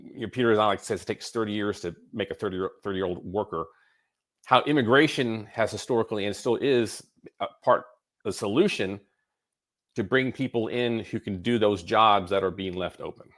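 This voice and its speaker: A podcast host with a lowish, slightly bright male voice speaks at a moderate pace. He asks long, rambling interview questions in a casual way, full of fillers and restarts.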